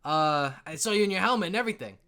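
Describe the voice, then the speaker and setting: A man voicing a group of rowdy, boisterous male dwarves who shout cheerfully. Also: high-pitched, expressive, racing, clean tone, pitched above the performer's own voice, exaggerated voice.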